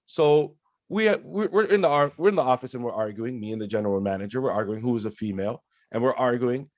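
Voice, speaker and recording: A man co-hosting a casual podcast who tells stories with animated, loud energy and a lot of swearing. He speaks at a middle pitch. His mic sounds dry and a little dull. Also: fast, dry recording. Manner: animated storyteller, loud and profane when reenacting. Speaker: podcast co-host.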